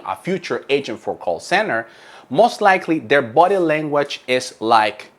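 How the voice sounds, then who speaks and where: A man's voice: mid-range voice, a bit bright. A man who trains call center agents, giving an emphatic coaching lesson and repeating key points.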